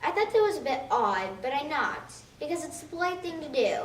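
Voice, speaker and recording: A woman giving an expressive, childlike storytelling monologue. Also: high-pitched, moderate pace. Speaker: reader of a monologue. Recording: echoey room from a distance with faint noise.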